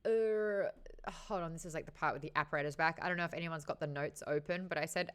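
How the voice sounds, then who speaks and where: A woman hosting a casual book discussion, chatty and animated, swearing freely and laughing often. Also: low voice, quick pace, clean tone. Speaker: host.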